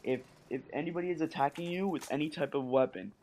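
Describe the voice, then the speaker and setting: A man's voice: fairly high pitch, fast talker, a little mellow, slight background noise. A young man doing casual voice-over commentary over gameplay, nervous and stumbling, often repeating words and asking "right?".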